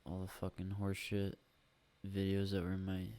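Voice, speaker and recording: A man's voice: sits low, monotone, moderate pace, dark tone. A man hosting a solo podcast on a USB microphone, rambling and grumbling with lots of swearing. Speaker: podcast host.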